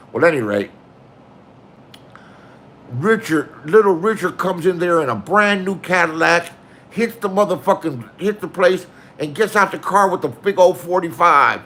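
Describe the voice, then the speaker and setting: A man in his sixties with a bright, forceful voice sitting a bit high for his age. He rambles through profane old stories in a casual way, acting out the people in them as he goes. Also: vocal fry, a little hiss or hum. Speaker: storyteller. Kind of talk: casual storytelling.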